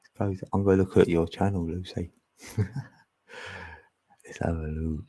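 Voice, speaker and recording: A man's voice: low voice, steady tone, slow pace, warm tone, husky. A man with a Cockney accent from East London, chatting casually on a livestream, reading chat and chuckling. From England. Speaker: livestream host.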